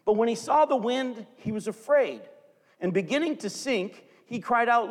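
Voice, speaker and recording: Pastor, male, high voice, animated sermon delivery, booming hall reverb. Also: brisk. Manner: animated, acts out scripture quotes for the congregation.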